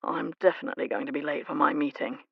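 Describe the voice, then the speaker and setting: A woman narrator voicing a determined, teasing young duke in an audiobook, with a gravelly, measured delivery. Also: a little high, fairly even intonation, no echo, muffled recording, voice pushed down, exaggerated voice. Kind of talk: audiobook character reading.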